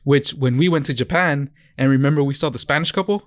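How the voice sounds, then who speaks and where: This young podcast co-host from the United States talks in a relaxed, chatty way, drifting from story to story and frequently restarting mid-thought. He speaks fast in a smooth, clear voice that sits on the higher side. It's recorded close and dry, with no room sound at all.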